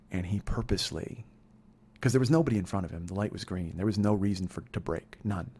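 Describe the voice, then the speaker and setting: A man's voice: low voice, fairly quick, darkish tone, breathy edge. A man in his forties hosting a comedy podcast, telling a personal story in an intense, profane, rambling monologue. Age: 40s.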